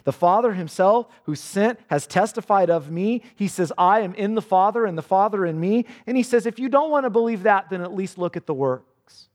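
A man's voice: high-pitched, expressive, normal speed, hardly any pauses. Man preaching in an echoing hall. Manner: earnest preaching, quoting Jesus in a dramatic voice. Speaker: pastor. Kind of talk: sermon.

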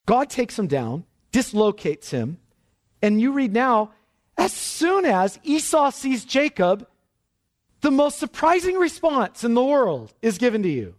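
A male preacher with a high voice that leaps up and drops low as he works through the text. He keeps putting questions to his listeners. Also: sing-song, measured pace, pauses often. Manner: dramatic swings in pitch and pace for emphasis; asks the audience questions. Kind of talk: expository sermon.

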